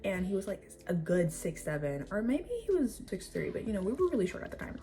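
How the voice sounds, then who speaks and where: A young woman vlogger telling a story casually, animated and rambling with lots of fillers and swearing. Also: mid-range voice, fairly quick, soft background music.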